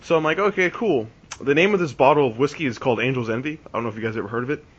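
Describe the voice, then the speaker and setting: This twenty-something podcast host speaks rapid-fire in a medium, slightly rough voice. He rambles through a long casual story, keeps starting over and leans heavily on "like." The podcast audio sounds dull and lo-fi.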